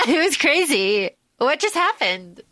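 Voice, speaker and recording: A woman co-hosting a podcast, casually recapping a movie in an animated way, swearing and acting out the characters' lines. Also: high-pitched, a little slow, no echo. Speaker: podcast co-host.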